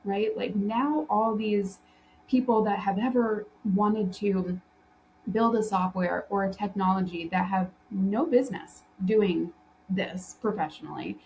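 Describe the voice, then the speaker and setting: Her voice is mid-range and darkish, her pace unhurried, and the audio dull with a bit of background noise. This interior design business coach hosts her own solo podcast, speaking loosely, full of fillers and restarts, and frequently breaking into laughter while telling stories.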